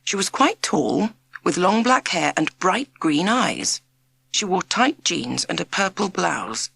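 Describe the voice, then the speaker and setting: A woman reading a children's storybook aloud in an expressive, measured narration. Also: fairly low pitch, creaky, breathy edge, no room sound. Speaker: audiobook narrator.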